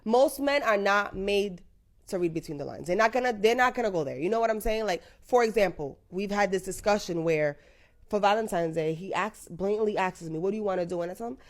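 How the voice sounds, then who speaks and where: A woman's voice: medium pitch, brisk. A woman in a casual chat, explaining her view in a matter-of-fact way.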